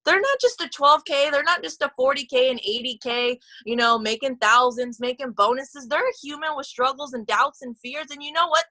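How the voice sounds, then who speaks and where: A woman's voice: high voice, sharp tone, dry recording, rough recording. A woman leading a motivational team call, chatty and gushing, with lots of fillers and restarts. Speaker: team leader.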